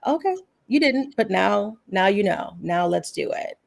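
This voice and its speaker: Gravelly-voiced woman giving spiritual advice. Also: medium pitch, expressive, a little slow. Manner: earnest, reassuring, loose restarts. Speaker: guest healing practitioner.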